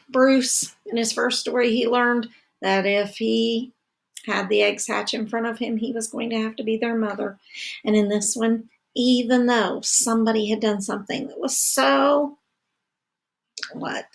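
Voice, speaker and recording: A woman teacher reading a picture book aloud to children, slow and expressive, with asides to her listeners. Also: fairly high pitch, gravelly.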